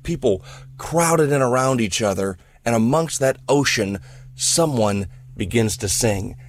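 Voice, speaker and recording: A man's voice: mid-range voice, lively intonation, unhurried, a little hiss or hum. A man narrating an enthusiastic, earnest report on an event he attended.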